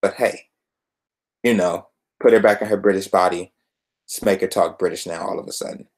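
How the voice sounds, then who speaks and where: A man's voice: low-pitched, fairly even intonation, moderate pace. A young man hosting a solo podcast, reviewing comic books in an exasperated, sarcastic rant.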